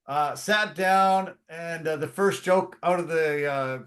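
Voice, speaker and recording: A man co-hosting a sports podcast, telling stories in a casual, animated way with plenty of fillers and restarts. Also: on the high side, takes it slowly. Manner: animated storyteller, acts out quotes.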